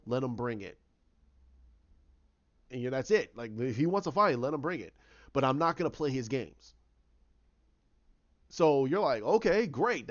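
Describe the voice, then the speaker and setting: A man casually retelling his own movie idea, rambling with many restarts and fillers. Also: mid-range voice. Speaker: fan pitching a movie idea. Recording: dull lo-fi recording.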